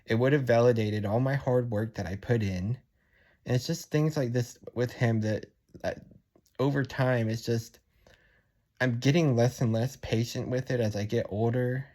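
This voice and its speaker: Medium in pitch and dark in tone, this young male vlogger is venting in a personal monologue. Worn down and frustrated, he keeps sighing, starting sentences over, and circling back on himself.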